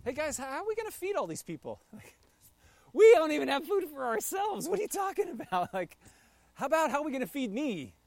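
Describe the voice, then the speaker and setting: A high, breathless disciple bursts out in disbelief, as a man puts him on during a sermon. His voice jumps up sharply and rushes ahead. The sound is dry and close. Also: very animated, creaky, no echo, exaggerated voice. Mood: incredulous. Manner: breathless, incredulous outbursts. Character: excited, worn-out hungry male disciple.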